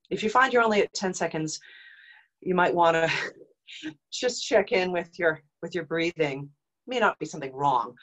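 A woman's voice: fairly low pitch, poor audio. A woman voice teacher leading an online group vocal exercise lesson, explaining and demonstrating exercises, her voice a little dry. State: slightly dry voice.

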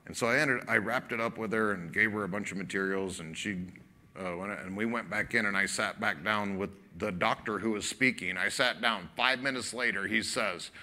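A male pastor preaches a sermon in a casual, conversational style full of fillers, telling a story animatedly and voicing both sides of the dialogue himself. He speaks at a normal pace in a lowish voice, with a slight hiss or hum in the recording.

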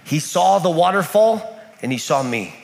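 A man's voice: a little high, sing-song, normal speed, gravelly. A man from the United States preaching a sermon in a church in Kenya, telling a story with lots of repetition. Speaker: pastor. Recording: echoey church hall.

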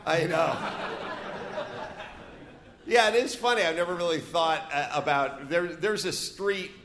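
Onstage at a live venue with an audience, this North Hollywood man hosts a comedy podcast full of rants and crude jokes. He speaks in an unhurried, higher voice, with background noise present. The audio has an echoey live-venue quality.

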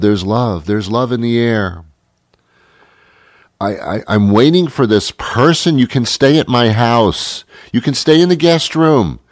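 A man's voice: mid-range voice, no room sound. Man, talk show host, rambling monologue, stammering restarts, has a cold, dry close sound. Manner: musing, repetitive, stammers on restarts.

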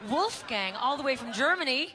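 A woman's voice: high-pitched, lively intonation, moderate pace, over loud music. A woman emceeing a conference, joking and poking fun at herself before an audience. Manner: joking, self-mocking. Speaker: event emcee. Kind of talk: stand-up style stage hosting. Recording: live event with crowd and noise.

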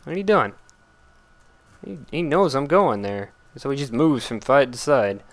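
A man giving casual gameplay commentary, blurting out excited exclamations and complaints at the game as he plays. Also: medium pitch, measured pace. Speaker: let's play gamer.

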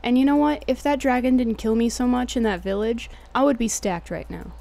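Gravelly Texan woman streaming casually. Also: on the high side, a little fast, dark tone. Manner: laid-back, jokey, slangy, swears casually. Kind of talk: casual gameplay commentary.

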